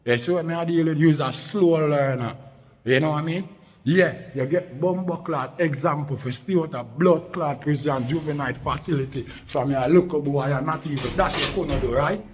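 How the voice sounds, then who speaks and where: A man's voice: fairly high pitch, a little fast, big-room sound. A man with a Jamaican accent delivers a confrontational, profanity-heavy rant in patois, aimed at a rival. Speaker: online commentator.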